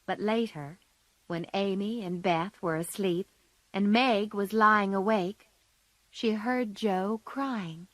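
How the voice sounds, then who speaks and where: A woman reading a story aloud calmly and clearly for English learners. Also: medium pitch, takes it slowly, dry recording. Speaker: narrator.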